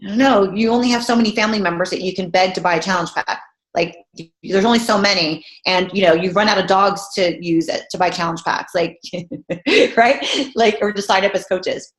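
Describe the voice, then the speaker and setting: Brisk and mid-range, a woman fitness coach appears as a guest speaker in an online hangout, giving a light, joking pep talk in a bubbly, chatty style. The room adds a noticeable echo to the recording.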